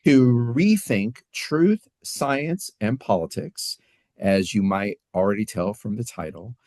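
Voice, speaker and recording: A man with a low voice co-hosts a podcast in relaxed conversation. He speaks haltingly, padding his sentences with fillers. The sound is dry and close, with no room echo. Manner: halting, filler-heavy delivery. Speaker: podcast co-host. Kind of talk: casual chat.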